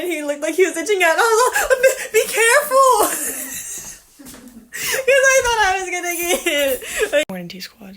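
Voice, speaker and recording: High-voiced young woman telling a rambling story. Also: a bit bright. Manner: rambling, swears a lot, laughs often. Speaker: vlogger. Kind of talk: casual vlog storytelling.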